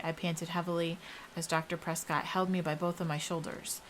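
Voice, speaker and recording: A young woman reads a first-person horror story aloud in a steady, even storytelling voice. Her voice sits a little low, with a faint hiss behind it. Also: moderate pace, rough recording. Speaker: narrator.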